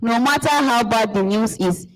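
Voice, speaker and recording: A woman's voice: fairly high pitch, normal speed, lightly acted. A woman reading an insistent young son. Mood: pleading. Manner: insistent, pleading. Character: young man demanding to know his mother. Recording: long hall reverb.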